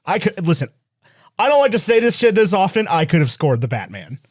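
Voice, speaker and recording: A man's voice: high voice, very animated, a little fast, dry recording, studio quality. A man co-hosting a movie podcast in casual chat, joking and swearing, often laughing. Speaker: podcast co-host.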